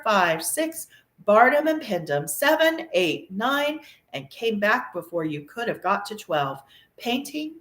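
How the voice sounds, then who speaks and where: A woman reading a classic novel aloud with expressive, animated storytelling, in a room of an old mansion. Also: medium pitch. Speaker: reader. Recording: echoey room.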